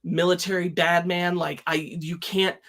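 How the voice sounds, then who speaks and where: A man's voice: sits high, flat delivery, moderate pace, fairly bright tone. A man co-hosting a podcast, discussing a film in a loose, rambling way with lots of fillers. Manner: rambling, many fillers and restarts. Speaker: podcast co-host.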